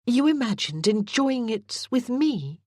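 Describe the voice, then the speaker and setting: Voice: mid-range voice, sing-song, measured pace, a little mellow, no room sound, studio quality, voice pushed up. A reader raising the voice for a haughty spirited young lady. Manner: haughty, bristling, emphatic. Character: spirited proud young noblewoman. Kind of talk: audiobook character reading.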